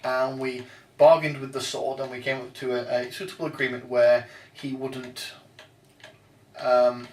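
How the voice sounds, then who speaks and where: A male podcast host speaks unhurriedly in a medium-pitched, slightly mellow voice with little pitch movement, leading a casual chat about tabletop games and often hesitating and restarting sentences. He's off-mic and distant, with roomy echo and faint noise.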